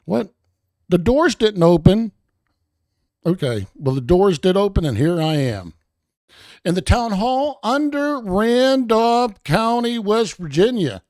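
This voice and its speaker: A man's voice: high-pitched, darkish tone, dry recording, studio quality. A man hosting a show with rambling, sarcastic commentary, meandering and talking to his chat. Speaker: show host.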